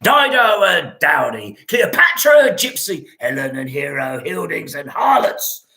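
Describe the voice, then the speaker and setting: A man's voice: a little high, very animated, a little slow, pushed and bright, exaggerated voice. A man playing a witty, mocking young nobleman in a solo Shakespeare reading, with a theatrical delivery. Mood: teasing. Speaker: solo stage performer.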